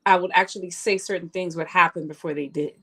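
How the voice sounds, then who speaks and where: A woman's voice: lowish voice, steady tone, fast talker, bright, forceful tone. A young adult woman from Nigeria, a podcast guest talking casually and reflectively. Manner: reflective, leans on "you know what I'm saying".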